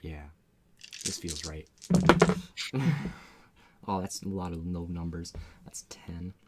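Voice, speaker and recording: A man's voice: sits low, slow, noisy background. A man playing a tabletop game on a stream, thinking aloud as he tallies his dice. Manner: animated, thinks aloud while tallying rolls. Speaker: player.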